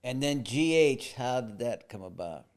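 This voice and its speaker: A man's voice: medium pitch, animated, normal speed. A male interviewer asking eager questions with stumbling restarts in a casual chat.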